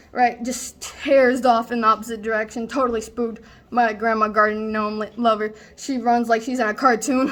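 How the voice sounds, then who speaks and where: A young woman with a fairly bright, natural, high-side voice performs a self-recorded stage monologue as a student actor. She plays a rambling, boastful slacker student telling a wild story packed with fillers.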